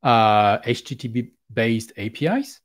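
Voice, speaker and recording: A man's voice: medium pitch, animated, a little slow, no echo. A man from France with a French accent, a guest explaining his work over a video call, careful and hesitant with frequent fillers. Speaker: guest, API expert. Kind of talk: casual interview.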